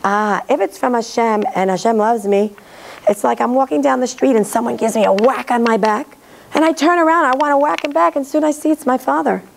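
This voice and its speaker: A woman with a hoarse voice from laryngitis, giving an earnest, animated religious lecture to an audience and acting out bits of dialogue. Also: a little high, brisk, a little hiss or hum, low-quality recording. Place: synagogue hall.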